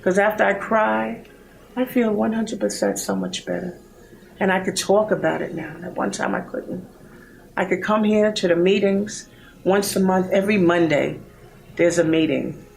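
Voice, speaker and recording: A woman in her sixties, a bereaved mother giving a heartfelt, halting personal testimony. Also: mid-range voice, expressive, gravelly, slight background noise, poor audio. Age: 60s. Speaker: bereaved mother in a support program.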